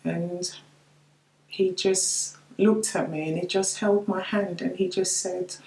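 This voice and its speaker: A middle-aged woman telling of her daughter's death, halting and tearful, repeating her words. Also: lowish voice, little pitch movement, vocal fry, a little mellow, echoey room, poor audio. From United Kingdom. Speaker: bereaved mother sharing her story. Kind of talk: personal testimony to camera.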